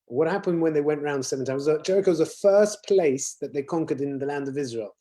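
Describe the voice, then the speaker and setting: A man's voice: fairly high pitch, fairly quick, mellow. A man, a rabbi, explaining ideas earnestly in a casual conversation.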